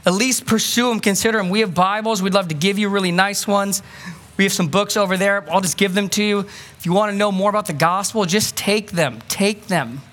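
A man preaching a sermon as pastor, earnest and pleading, moving from quick asides to slow, emphatic lines. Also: high-pitched, steady tone, fairly bright tone. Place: church sanctuary.

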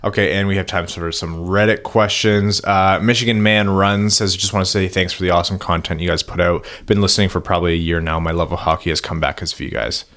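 A man with a very low voice co-hosts a casual sports chat podcast. He reads listener questions aloud in an easygoing, laid-back way. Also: fairly even intonation, fast talker, few pauses, fairly bright tone. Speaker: podcast co-host.

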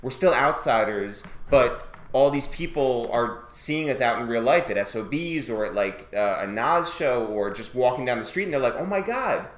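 A man in his thirties from New York tells stories as a podcast guest. He acts out the lines other people said along the way, and he sits at an ordinary, middle pitch. The room is echoey around him. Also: normal speed. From Westchester, New York. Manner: animated storyteller, acts out quotes. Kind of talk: casual chat.

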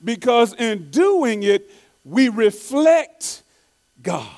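A man preaching a sermon, reading quotes slowly and repeating key phrases for emphasis, with frequent restarts. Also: extremely high pitch, very animated, darkish tone. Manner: stumbles and restarts often.

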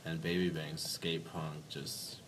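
A man's voice: a bass voice, little pitch movement, takes it slowly, a bit bright. A young man from a band, chatting casually in an interview, laid-back and laughing often. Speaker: band member guest. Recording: distant mic with noise.

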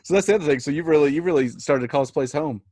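A man hosts a casual podcast interview. He asks quick, easygoing questions at a brisk clip, with small restarts. His voice is recorded dry and close. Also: a little high, warm tone, dry recording. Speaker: podcast host.

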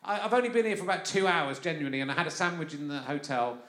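Rapid-fire and animated, this Londoner hosts a live comic podcast before an audience at a festival venue. His fairly bright voice leans high, and he rambles chattily, laughing often, all in a roomy live-room sound.

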